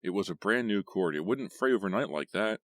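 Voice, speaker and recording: A man's voice: on the low side, expressive, brisk, fairly bright tone, no room sound, studio quality, voice pushed up. A man voicing an anxious, suspicious teenage boy who speaks tensely.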